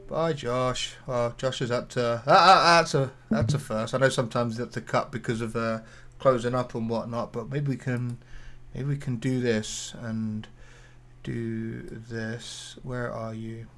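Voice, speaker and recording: A man's voice: medium pitch, steady tone, a little slow, fairly bright tone. A man co-hosting a podcast, chatting in a rambling, sweary way. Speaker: podcast co-host. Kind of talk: casual chat.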